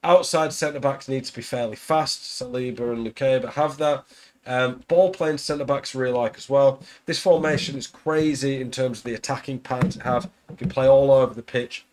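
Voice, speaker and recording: A young man walks through his game setup in an easygoing, conversational voice. His pitch sits in the middle of the range, and he thinks aloud as he goes, dropping the occasional filler. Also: a little mellow. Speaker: gaming content creator. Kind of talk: casual tactics explainer.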